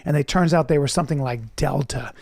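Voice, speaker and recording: A comedian in his fifties telling stories and chatting on a podcast in an animated, profane, self-mocking way. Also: fairly high pitch, fairly quick, creaky, dry recording, clean studio sound. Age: 50s. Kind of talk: casual chat and storytelling.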